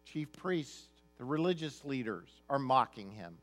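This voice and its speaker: A man's voice: medium pitch, very animated, measured pace, a bit bright, soft background music. A male pastor preaching a sermon, reading scripture aloud and then explaining it in an emphatic, conversational way.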